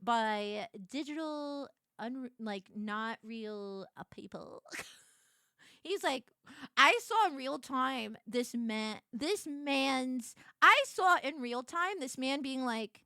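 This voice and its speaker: Young woman streamer, casual chat, filler-heavy and giggly, bright, lively voice, dry close mic. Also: high-pitched, slow pace, smooth, dry recording. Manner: chatty, filler-heavy, giggly, bursts into shrieks.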